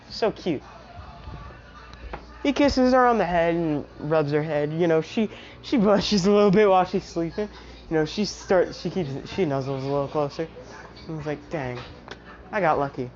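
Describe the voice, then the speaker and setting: A woman's voice: lowish voice, normal speed, darkish tone, soft background music. A woman casually telling a fan-made story, rambling along with lots of "you know". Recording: dull lo-fi recording.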